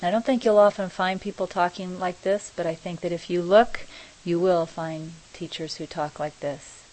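A middle-aged woman giving a reflective spiritual talk, speaking slowly and softly with many pauses. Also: lowish voice, steady tone, low-quality recording. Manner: slow, soft, pausing and searching for words. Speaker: spiritual teacher.

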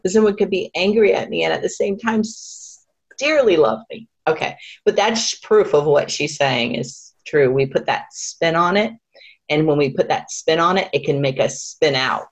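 A woman earnestly sharing a personal realization with a group, speaking in an excitable, heartfelt way. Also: deep voice, moderate pace. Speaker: group participant. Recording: dull lo-fi sound.

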